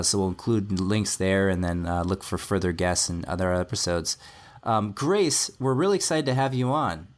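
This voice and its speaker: A man hosting a casual podcast, friendly and introducing guests and co-hosts. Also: fairly low pitch. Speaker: podcast host.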